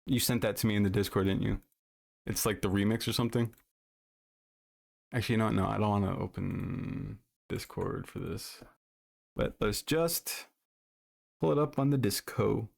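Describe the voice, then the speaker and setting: A man's voice: fairly low pitch, normal speed, creaky, pauses often, a little mellow. A man streaming live in casual chat, rambling and swearing freely into his desk microphone. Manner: rambling and heavily profane.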